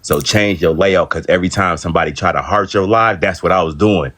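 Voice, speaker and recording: Low-voiced male caller on a live stream, halting and casual. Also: fairly bright tone. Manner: casual, halting, many fillers.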